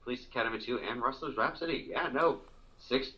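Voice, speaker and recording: A man's voice: medium pitch, brisk, a crowd in the background. A man co-hosting a podcast, laughing often as he reminisces in casual chat. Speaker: podcast co-host. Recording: dull lo-fi podcast audio.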